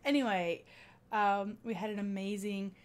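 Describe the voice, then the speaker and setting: A woman vlogger casually telling a story about a dinner out, chatty and animated, laughing often as she recounts it. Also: mid-range voice, measured pace.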